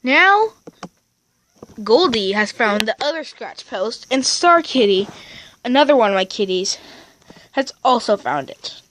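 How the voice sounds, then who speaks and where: Slow-talking woman filming her cats. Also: fairly high pitch, animated, a bit bright, a little hiss or hum. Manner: chatty, talks to the cats. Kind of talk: casual home video narration. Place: home room with cats.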